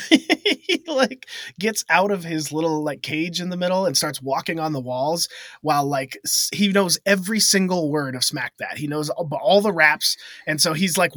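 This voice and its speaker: In a clean, echo-free studio recording, a man with a fairly high voice co-hosts a casual podcast. He tells a funny story full of laughter, staying animated, laughing often, and performing the characters' voices.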